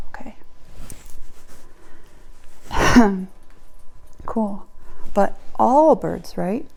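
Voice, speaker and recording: A woman's voice: mid-range voice, mellow. A woman chatting casually with her pet parrot, asking patient, repeated questions. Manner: patient, questioning, slow and repetitive. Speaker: parrot owner.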